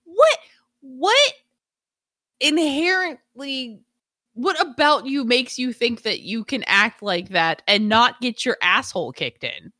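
A brash woman on a stream, blunt and quick to swear as she acts out the people she talks about. Her voice is high and bright, and it leaps around a lot. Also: very animated, dry recording, studio quality. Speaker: streamer co-host. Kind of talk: casual chat.

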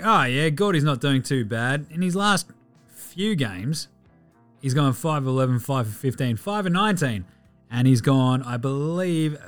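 A man with an Australian accent hosting a casual basketball recap podcast, sweary and excitable, mocking players in silly voices. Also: mid-range voice. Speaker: podcast host.

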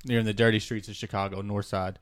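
A man's voice: lowish voice, level tone, fast. Playful man telling a story. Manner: playful storytelling, spooky teasing. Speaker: podcast co-host. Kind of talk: casual chat.

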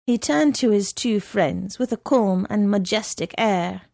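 Woman reading a novel out loud, slow and steady, dry close sound. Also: medium pitch, gravelly, dry recording. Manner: measured, unhurried reading. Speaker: narrator. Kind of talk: scripted narration of a novel.

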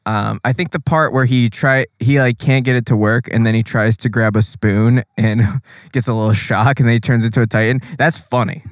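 A man's voice: medium pitch, fairly even intonation, normal speed, dry recording, clean studio sound. A man co-hosting a podcast, chatting casually and profanely about an anime episode, laughing often and acting out quotes. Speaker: podcast co-host. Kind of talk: casual anime recap chat. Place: in a car.

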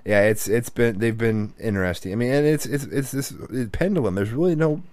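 A man's voice: mid-range voice, brisk, darkish tone, no echo. A man co-hosting a podcast in casual chat, rambling and swearing freely with many restarts and fillers, sounding tired. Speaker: podcast co-host.

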